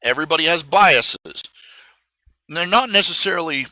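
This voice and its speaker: Man streamer, lively pitch, very bright and dry, rambling with lots of fillers. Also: no echo. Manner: halting, full of fillers and restarts. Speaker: live stream host. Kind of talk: casual rambling monologue. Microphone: streaming microphone.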